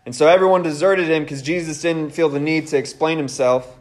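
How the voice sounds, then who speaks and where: A man preaching a casual, animated sermon, laughing and acting out the people he quotes. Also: fairly high pitch, fairly quick.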